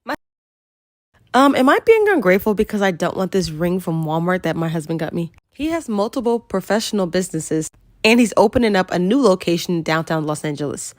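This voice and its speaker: A woman's voice: on the low side, sing-song, a little fast, no room sound, clean studio sound. A young woman narrating first-person stories in a dramatic way, acting out other people's voices. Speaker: storyteller.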